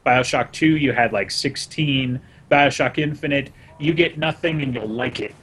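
A man's voice: mid-range voice, normal speed, a bit bright, a little hiss or hum. A young man co-hosting a casual podcast, sarcastic with lots of "like" and "you know". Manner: sarcastic, filler-heavy. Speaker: podcast co-host. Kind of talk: casual chat.

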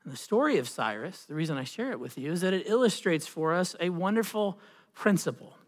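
A man preaching a sermon as pastor, telling a story with dramatic pauses and swelling emphasis. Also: high-pitched, expressive. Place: church sanctuary. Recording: long reverb of a church hall.

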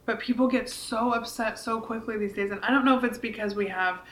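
Speaking briskly with a steady tone, a woman in her forties co-hosts a podcast, chatting earnestly and casually with many likes and restarts. Her voice is on the high side and a bit bright. She's also an author, and the echoey recording carries a little hiss or hum.

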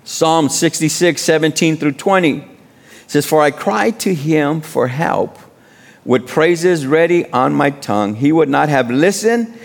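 Gravelly and animated, slightly high in pitch, the man takes his time as he preaches as a guest. He exhorts the congregation in informal street-style speech, with repeated call-and-response "amen"s.

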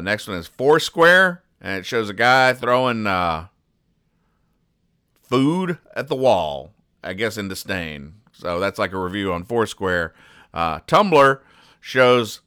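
A man's voice: on the low side, sharp tone, clear, resonant tone, no echo. A man hosting a comedy podcast, recapping newspaper comics in a dry, rambling way and correcting himself as he goes. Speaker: podcast host reading comics.

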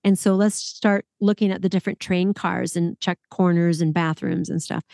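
A woman hosting a podcast, telling stories in an animated, exclaiming way. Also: fairly low pitch, no echo, clean studio sound. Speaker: podcast host, former group leader. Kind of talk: casual podcast conversation.

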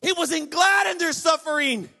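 A pastor preaching a sermon, reading scripture aloud and urging the congregation to respond. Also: male voice, very high-pitched, moderate pace, vocal fry, pushed and bright.

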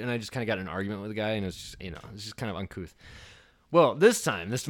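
A man's voice: mid-range voice, very animated, racing, fairly bright tone, dry recording, clean studio sound. A man hosting a casual comedy podcast, telling a story with frequent laughter and swearing. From Iowa. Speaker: podcast host.

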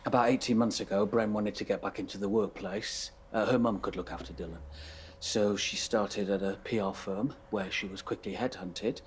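A man's voice: on the low side, fairly even intonation, moderate pace, a little hiss or hum, lightly acted. A man playing a hesitant office worker. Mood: awkward. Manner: hesitant, stammering and apologetic. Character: awkward, polite office worker, suspicious husband.

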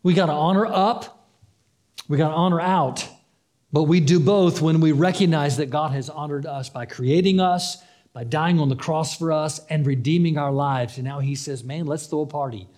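This male preacher's voice is on the high side, with a darkish tone and a normal speed. He delivers his sermon conversationally, acting out what the story's characters say and repeating lines for emphasis.

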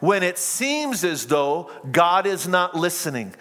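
A man's voice: very animated, slow pace. Preaching man in a reverberant hall. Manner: rising to impassioned crying out, then dropping low and quiet. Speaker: pastor. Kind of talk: sermon.

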